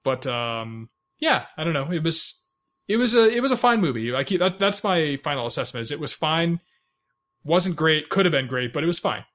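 A man's voice: on the high side, big pitch swings, moderate pace, a bit bright. A man co-hosting a podcast, chatting casually about films, rambling with lots of fillers and restarts and laughing often. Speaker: podcast co-host. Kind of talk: casual movie chat.

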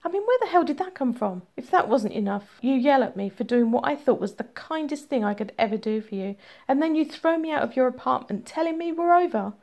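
A woman reading a hurt, sharp-tongued young woman. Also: on the high side, steady tone, fairly quick, vocal fry. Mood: angry. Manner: sarcastic, indignant.

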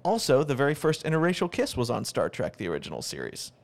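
An American man talking casually as a podcast co-host. He rambles through anecdotes with quick asides. His voice sits at an ordinary middle pitch. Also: huge pitch swings, creaky. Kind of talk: casual chat.

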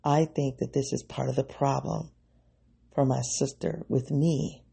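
A man's voice: medium pitch, steady tone, measured pace, creaky, mellow, husky. A man hosting his own podcast, thinking aloud in a rambling, self-interrupting way and speaking straight to his listeners. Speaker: podcast host. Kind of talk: reflective solo podcast monologue.

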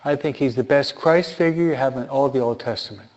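A man's voice: mid-range voice, fairly quick, a little mellow. A man giving informal Bible teaching who asks his listeners rhetorical questions and repeats key points for emphasis. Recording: dull lo-fi recording.

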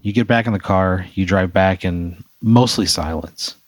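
A man's voice: sits low, a little slow, dry recording. A man hosting, narrating an improvised hypothetical scenario in second person, loose and rambling with fillers. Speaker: host.

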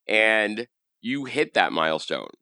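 Bright, crisp-voiced podcast host man. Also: fairly low pitch, sing-song, takes it slowly, no echo, studio quality. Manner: rambling, jokey, many restarts. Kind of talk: casual podcast chat.

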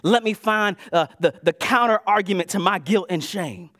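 A man preaching a sermon in a casual, conversational way, moving between loud bursts and hushed asides. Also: sits high, moderate pace, dry recording, clean studio sound. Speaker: pastor.

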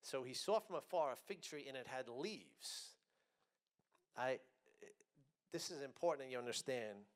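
A man preaching a sermon. He speaks emphatically, slows on key words, and swings between loud and soft. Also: medium pitch, lively intonation.

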